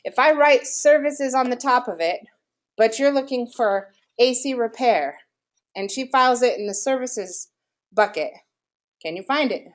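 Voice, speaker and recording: A woman's voice: a little high, expressive, unhurried, slight background noise. A woman giving a live marketing workshop in a room with an audience, quizzing listeners and asking them for answers as she goes. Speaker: marketing presenter.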